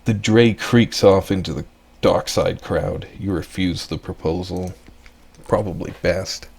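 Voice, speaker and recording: A man hosting a let's play, casually reading game text and thinking aloud with relaxed asides. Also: low voice, unhurried, gravelly, slightly rough.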